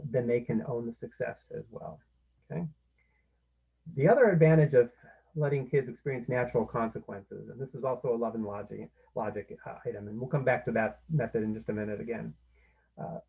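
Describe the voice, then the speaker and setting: A man's voice: mid-range voice, creaky, slightly rough, dull audio. A man presenting a parenting workshop, explaining step by step and acting out what parents can say. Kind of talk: instructional talk.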